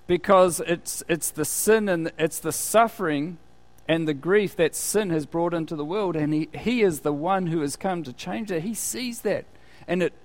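A man preaching a conversational sermon, full of rhetorical questions. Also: high voice.

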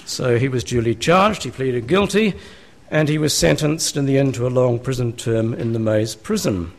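A man's voice: medium pitch, expressive, moderate pace. A man, a pastor preaching a sermon in a church, talking conversationally and asking his listeners rhetorical questions.

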